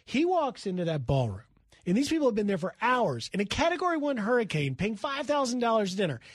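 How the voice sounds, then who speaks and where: High-pitched guy on talk radio spinning a lively reporter story, dry close mic. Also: no echo. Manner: lively anecdote-telling, brisk, acts out quoted voices. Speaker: news correspondent, guest. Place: radio studio.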